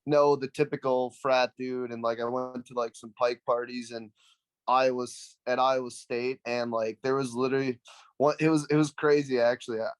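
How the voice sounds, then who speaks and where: A man's voice: medium pitch, little pitch movement, moderate pace, clean tone, no room sound. A young adult man, a podcast guest, telling a story casually in a rambling way with many fillers.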